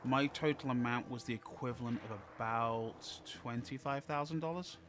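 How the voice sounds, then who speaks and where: A man chatting casually on a stream, calm and rambling, often restarting his sentences. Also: medium pitch, normal speed, background noise. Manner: rambling, calm, self-correcting. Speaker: streamer co-host. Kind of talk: casual chat.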